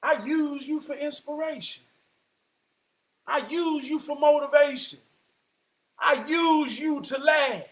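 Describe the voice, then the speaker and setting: A man delivering an impassioned motivational monologue, preaching his point and often rising to a shout. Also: extremely high pitch, slow pace, long pauses. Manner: preachy, repeats "I promise you", rises to shouting. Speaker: vlogger giving life advice.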